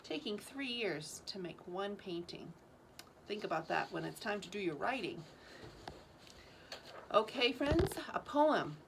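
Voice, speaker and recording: A woman's voice: medium pitch, expressive, measured pace, vocal fry, pauses often, background noise. A woman giving the morning announcements at a school, speaking in a teacherly way and asking the students questions as she goes.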